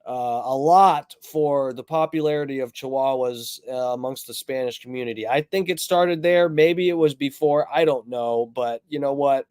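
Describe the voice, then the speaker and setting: A man's voice: mid-range voice, moderate pace, few pauses, darkish tone, clean tone, no echo, studio quality. A man streaming, telling a long story in a rambling way, swearing constantly. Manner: rambling, heavily profane storytelling.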